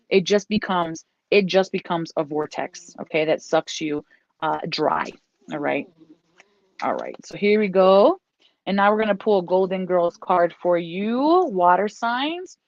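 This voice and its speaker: Woman doing a chatty tarot reading, repeats stuff, lowish voice, dull lo-fi audio. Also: no room sound. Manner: repetitive, encouraging, breaks off to scold her dog. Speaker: tarot reader. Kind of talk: casual tarot card reading. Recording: dull lo-fi dry recording.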